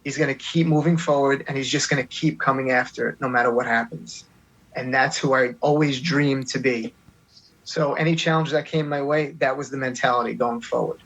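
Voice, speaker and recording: A man's voice: mid-range voice, steady tone, fairly quick, a bit bright, poor audio. A man in his thirties with a New York accent, an interview guest telling his story earnestly and from the heart. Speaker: guest, teacher and filmmaker.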